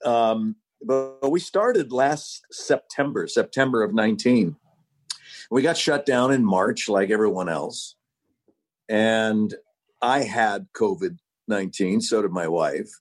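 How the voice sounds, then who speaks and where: A man's voice: lowish voice, takes it slowly. Laughing man talking over a phone call. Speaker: guest. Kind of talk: casual podcast chat. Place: home without power. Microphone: phone on a video call.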